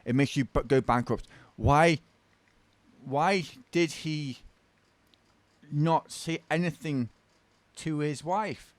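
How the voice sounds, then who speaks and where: A man's voice: a little high, slow, pauses often, dry recording. A man with a British accent voicing a bored little boy who stammers through a joke and repeats his words. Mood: stammering.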